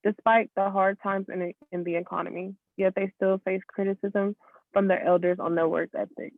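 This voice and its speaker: A high-pitched male student reads a passage aloud in class and trips over a few words before fixing them. His voice is gravelly, and it sounds thin and dry, as if heard through a phone. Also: little pitch movement, normal speed, no room sound, narrow, tinny audio. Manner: stumbles and corrects slips.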